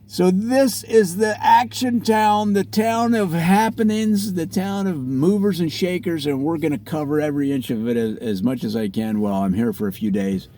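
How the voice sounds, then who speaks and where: A man delivering a rambling, earnest comic monologue as a parody neighborhood vlogger, self-satisfied and deadpan. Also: a little high, moderate pace, few pauses, a little hiss or hum. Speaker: parody real estate vlogger.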